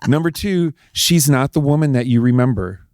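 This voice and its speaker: A middle-aged man, an interview guest telling a personal story in a casual, animated way and acting out what people said. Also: mid-range voice, moderate pace, no room sound, studio quality. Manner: animated, acts out quoted dialogue. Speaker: interview guest, husband of a politician.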